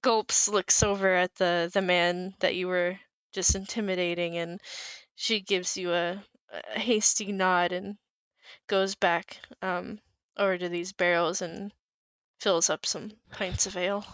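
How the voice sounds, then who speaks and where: A woman runs a tabletop game, describing scenes in a casual, halting way with plenty of fillers. Her voice is smooth and clear. The sound is dry and close. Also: lowish voice, flat delivery, fairly bright tone, no room sound. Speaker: game master.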